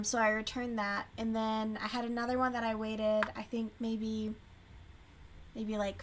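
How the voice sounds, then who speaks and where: A woman with a somewhat high voice chats casually on a livestream as she crochets. She talks loosely, swears freely and replies to her viewers' messages as they come in. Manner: chatty, swears freely, answers chat aloud. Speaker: livestream host. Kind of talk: casual chat while crocheting.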